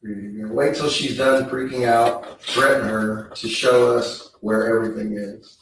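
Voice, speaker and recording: Man testifying, slow flat reading, very echoey courtroom, distant mic, faint hiss. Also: medium pitch. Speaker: trial witness. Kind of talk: reading text messages aloud in court.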